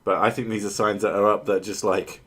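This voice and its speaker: A man's voice: on the low side, little pitch movement, fast talker, a bit bright, slightly rough. A man hosting a podcast, trading crude jokes in casual chat. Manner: crude, joking banter with bursts of silly voices. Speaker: podcast host.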